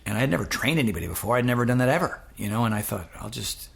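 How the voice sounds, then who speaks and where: A middle-aged man telling lively stories as an interview guest, acting out the voices of people he quotes. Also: mid-range voice, rapid-fire, vocal fry. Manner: animated anecdote-telling, acts out quoted voices. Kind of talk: casual storytelling.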